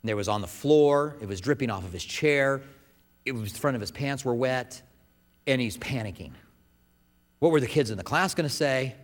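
A man's voice: mid-range voice, expressive, normal speed. Man preaching in an echoing hall. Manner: swings from loud emphatic passages to soft hushed ones. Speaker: pastor. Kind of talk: sermon. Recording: long reverb of a large hall.

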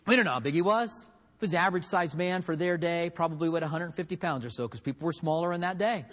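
A man preaching a sermon, telling a story with acted-out quotes and swinging between loud and hushed delivery. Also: a little high, fast talker, long reverb tail. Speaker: pastor.

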